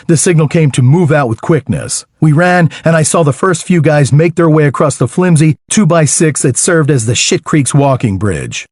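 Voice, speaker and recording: Lively male audiobook narrator, dry mic. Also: on the high side, no room sound. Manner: wry, lively storytelling with dry humor. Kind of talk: first-person audiobook narration.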